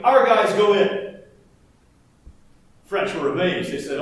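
A man from the United States giving a sermon as pastor, in a conversational, joking and animated way. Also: unhurried, long pauses. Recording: echoey church hall from far off, faint rumble.

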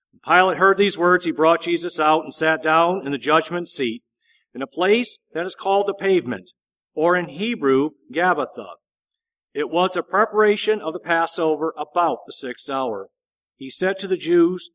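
A man reading a Bible passage aloud in a measured, steady narration. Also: a little high. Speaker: scripture reader.

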